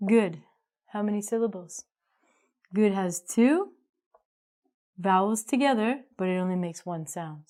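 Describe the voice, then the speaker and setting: A woman teaching an English grammar lesson, upbeat and emphatic, slowing down to stress key words. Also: medium pitch, expressive, warm tone.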